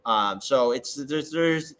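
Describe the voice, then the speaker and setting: A man from Chicago talking through local politics in a casual, halting way, with many fillers and restarts. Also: mid-range voice, lively intonation, a bit bright, clear, resonant tone, rough recording. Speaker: guest commentator. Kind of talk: casual political talk over a call.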